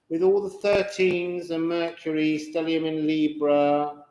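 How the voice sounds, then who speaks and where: A man reads tarot and astrology cards to his viewers, musing slowly and drawing words out, with chatty asides. His voice sits a little high. The room around him is echoey. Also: darkish tone, slight background noise. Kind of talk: unscripted card reading to viewers.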